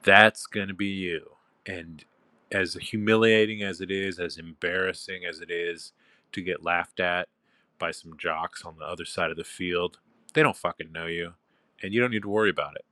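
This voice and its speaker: A man's voice: low-pitched, steady tone, normal speed, bright, forceful tone, dry recording. A man talking casually outdoors in a park, laid-back and drawling with fillers, then turning commanding and domineering toward his listeners. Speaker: online dominant addressing followers. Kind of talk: casual spoken monologue.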